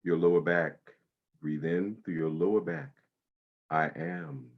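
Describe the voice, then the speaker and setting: A man leading a guided breathing meditation, speaking slowly and soothingly with long pauses. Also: deep voice, steady tone, highs cut off.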